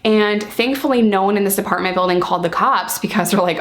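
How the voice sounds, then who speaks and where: A woman in mid-range pitch tells a storytime straight to camera. Her talk is blunt and candid, full of casual swearing and asides to "you guys." She pushes her pace up and down to land the story. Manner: lively, speeds up and slows down for emphasis. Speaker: storytime vlogger.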